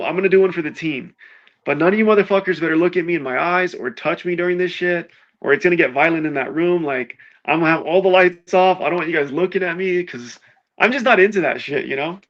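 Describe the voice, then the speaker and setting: A man's voice: sits high, fast, highs cut off. A man telling a wild party story in casual chat, swearing freely and acting out what everyone said. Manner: animated, swears a lot, acts out quotes.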